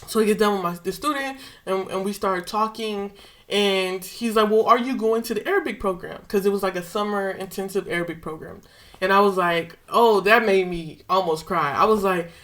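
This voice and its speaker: A woman's voice: medium pitch, a bit bright. A young woman vlogger casually retelling a personal story with slang and emotion.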